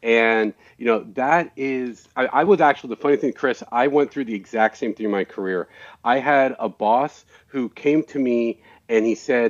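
A man's voice: mid-range voice, a little fast. A man telling a career story on a video call, quoting the people involved. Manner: storytelling, quotes people in conversation. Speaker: panelist. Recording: dull lo-fi call audio.

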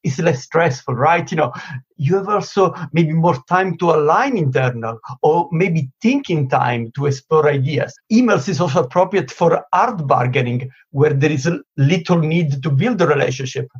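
Husky lo-fi man explaining with "you know"s. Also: a little high, moderate pace. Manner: explanatory, many "you know" fillers, animated emphasis. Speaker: negotiation expert guest. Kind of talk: interview answers. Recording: dull lo-fi sound.

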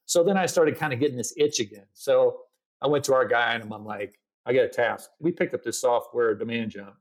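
A man's voice: mid-range voice, a little fast. A middle-aged man, a podcast guest, telling a story in casual interview talk and acting out his own quoted lines. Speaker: podcast guest, agency founder.

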